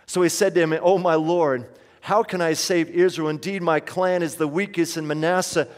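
A man's voice: a little high, steady tone, normal speed, big-room sound. A man preaching a sermon as pastor, pleading and impassioned, acting out the voices of the people in his story.

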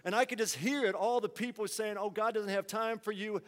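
A man preaches from the pulpit, his voice sitting high for a man. He drops to near-murmurs and then swells into loud, pleading cries. The sound rings out with a long reverb, as in a large church hall. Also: fairly even intonation, fairly quick. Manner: preaching with swings from hushed to shouted. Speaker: pastor. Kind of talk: sermon.

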